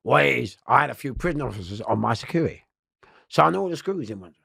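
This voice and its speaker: Gravelly man telling a story. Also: mid-range voice, fast talker, no room sound, studio quality. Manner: animated, swearing, acts out voices, laughs often. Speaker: interview guest. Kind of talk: storytelling interview.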